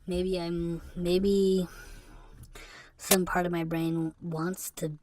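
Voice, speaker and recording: A woman talks alone into a podcast mic in a fairly low voice. She sounds depressed and subdued, and her confessional monologue is halting and rambling. Rueful laughs break up her sentences. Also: little pitch movement, darkish tone. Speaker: podcast host. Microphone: podcast microphone.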